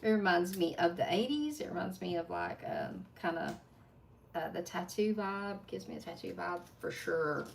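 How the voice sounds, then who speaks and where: A woman's voice: on the low side, normal speed, creaky, far from the mic, a little hiss or hum. A woman with a strong Appalachian drawl who chats casually with viewers while doing her nails at her desk, laughing between asides. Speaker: nail art livestream host. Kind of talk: casual chat while working. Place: home desk.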